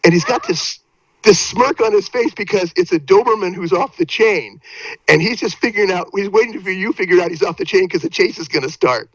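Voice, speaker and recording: Older guy telling wild stories, kinda high voice, keeps restarting, dull flat audio. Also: fairly quick, no echo. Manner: lively, vivid, trips over restarts. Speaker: guest actor. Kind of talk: animated anecdote storytelling. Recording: dry, slightly dull audio.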